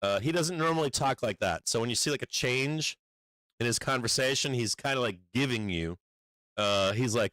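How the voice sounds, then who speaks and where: A man's voice: lowish voice, normal speed, fairly bright tone, dry recording, low-quality recording. A man giving casual livestream market commentary, blunt and profane, rambling with many fillers and urgent warnings. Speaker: stock market streamer.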